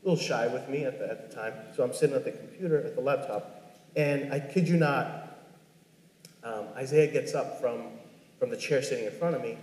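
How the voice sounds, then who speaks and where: A man in his thirties telling a personal story as a father, earnest and halting, with many restarts. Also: medium pitch, a little mellow. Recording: echoey room with long reverb.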